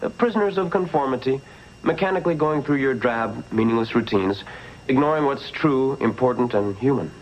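A young actor playing an earnest, idealistic son planning a film in a 1960s sitcom. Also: male voice, medium pitch, animated, a little fast, slight background noise, lightly acted. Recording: dull old TV soundtrack with music.

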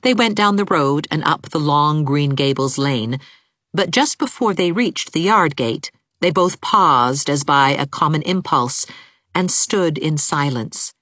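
A woman narrating a novel as an audiobook, in measured, expressive storytelling. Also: sits low, dry recording, studio quality. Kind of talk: scripted narration.

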